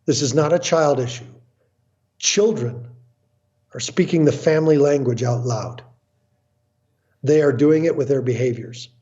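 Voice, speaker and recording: With a medium-pitched, dark voice, a little slow and with long pauses, this American family counselor tells stories as an interview guest. He's blunt and emphatic and acts out others' words, and the audio is lo-fi.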